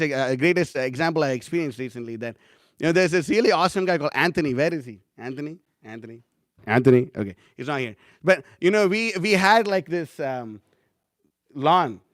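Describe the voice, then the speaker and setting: A man's voice: a little high, a bit bright, clean tone, dry recording, clean studio sound. A young man teaching a casual class, rambling and chatty with many fillers and laughs. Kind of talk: casual class talk with anecdotes.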